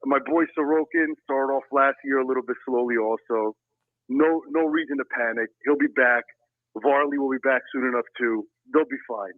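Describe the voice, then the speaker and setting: A man from Pennsylvania calling in to a sports show, relaxed and chatty. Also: medium pitch, normal speed, dry recording. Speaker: caller. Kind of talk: phone-in sports chat. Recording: tinny phone line.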